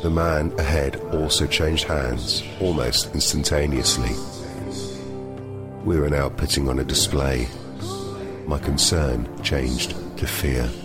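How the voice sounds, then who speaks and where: Deadpan man, very deep voice. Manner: deadpan, measured. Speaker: host and narrator. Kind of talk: scripted deadpan comic monologue.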